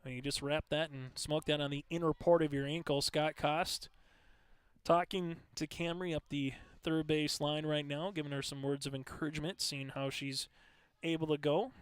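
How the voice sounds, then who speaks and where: A man calling live high school softball play-by-play in a steady, conversational way, filling pauses with stats and lineup notes. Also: clear, resonant tone, no room sound. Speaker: play-by-play announcer. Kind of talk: live sports commentary.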